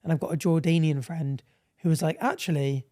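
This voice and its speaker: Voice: mid-range voice, steady tone, a little fast, dark tone. A co-host in casual podcast chat, chatty and opinionated, plugging the show.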